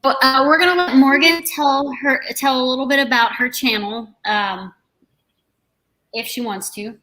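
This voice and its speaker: A woman hosts a relaxed makeup livestream, chatting freely with her guests and laughing often. Her voice is bright and sits a little high. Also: moderate pace, low-quality recording. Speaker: host. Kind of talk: casual livestream chat.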